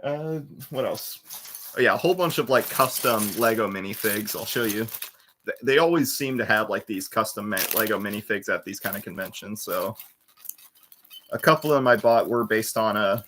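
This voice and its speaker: There's slight background noise as a man in his twenties hosts a livestream, speaking at normal speed in a voice on the low side with a fairly bright tone. Using a computer webcam mic, he chats casually and rambles, restarting often and trailing off into fillers.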